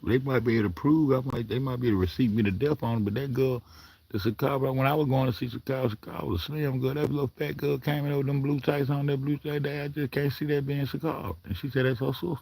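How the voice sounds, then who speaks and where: A man in his own vlog, reacting to clips in a coarse, rambling rant full of swearing. His voice is gravelly and husky, with a mellow, dark tone, recorded dry and close. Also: medium pitch, steady tone, fast, dry recording. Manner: rambling, coarse, talks back at the screen. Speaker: commentary vlogger. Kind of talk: profane reaction commentary.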